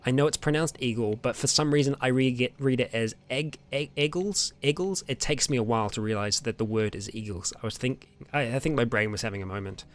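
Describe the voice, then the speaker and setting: A man's voice: medium pitch, fast talker, few pauses. Laid-back Australian man chatting with viewers. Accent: Australian or New Zealand. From Australia or New Zealand. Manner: relaxed, rambling, frequent ums and laughs. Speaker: roleplay channel host answering viewer questions. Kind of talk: casual live chat.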